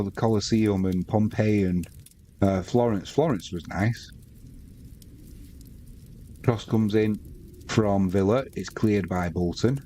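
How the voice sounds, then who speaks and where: A British man calls a football match live in a relaxed, chatty way, breaking off to talk with his viewers between passages of play. His voice sits low and mellow. A faint hum of background noise runs under it. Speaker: sports commentator.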